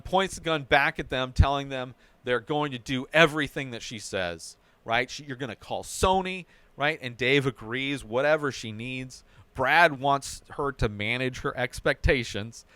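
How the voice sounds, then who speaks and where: Smooth-voiced man recapping a TV episode. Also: mid-range voice, sharp tone, no echo. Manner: narrates plot in a run-on way, often adding "right?". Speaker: podcast host recapping a TV episode.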